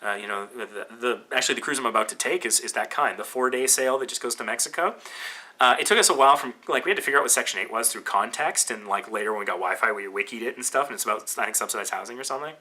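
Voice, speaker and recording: Canadian man, podcast host, very bright tone, mid pitch, rambling casual chat. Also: rapid-fire. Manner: rambling, conversational with frequent fillers and restarts.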